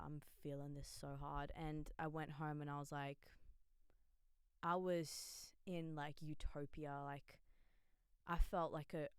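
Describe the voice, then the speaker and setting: A woman's voice: low-pitched, a little mellow, clear, resonant tone, no room sound. A young woman telling her faith story in a casual, candid vlog, with lots of filler words. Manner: chatty and candid, many "like" fillers, laughs easily. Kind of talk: casual spoken testimony.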